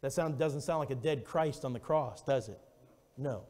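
A man preaching a fervent revival sermon as an evangelist, swinging between loud, urgent exclamations and hushed, intimate storytelling. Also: medium pitch, normal speed. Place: church sanctuary. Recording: long church reverb.

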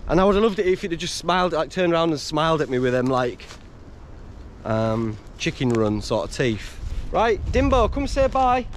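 Male outdoor vlogger, upbeat, chatty, slightly high voice, recorded outside on a camera mic. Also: steady tone, a little fast, slight background noise. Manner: enthusiastic, swears, chatty with his dog. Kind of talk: casual outdoor vlog talk. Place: outdoors in woods.

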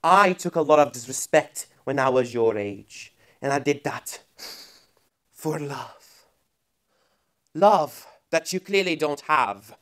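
A woman playing a smooth, threatening male restaurant boss in a comic sketch, coaxing slowly and then making threats. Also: deep voice, lively intonation. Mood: menacing. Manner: slow, creepy coaxing turning to threats.

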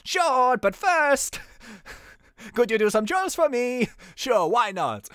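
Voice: medium pitch, very animated, slow pace, no echo, studio quality, pitched above the performer's own voice. Bouncy shopkeeper with hammy fake accent, a gamer putting it on. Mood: cheery, pushy. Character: shopkeeper man with a clumsy fake Latin accent.

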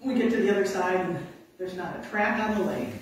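A woman, a conservation officer, telling lively stories to an audience and acting out the quotes. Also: lowish voice, a little fast, slight background noise. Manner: animated, laughing, acts out quotes. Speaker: conservation officer giving a talk. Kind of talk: storytelling to an audience. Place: indoor talk venue. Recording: very echoey room from a distant mic.

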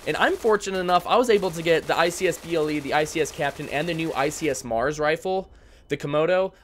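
A man's voice: fairly high pitch, fairly bright tone, slight background noise. A young man hosting a casual Q&A vlog, venting in a rambling, profane way with many fillers. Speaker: YouTube airsoft channel host.

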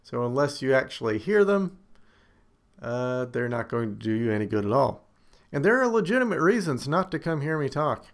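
A man's voice: mid-range voice, big pitch swings, normal speed. A man hosting a screencast, talking casually with wry, self-deprecating humor and emphatic asides. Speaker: screencast host.

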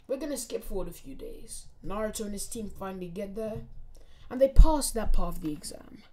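A woman's voice: mid-range voice, a little mellow. A young woman casually narrating a fan-made anime story, often dropping to a near whisper.

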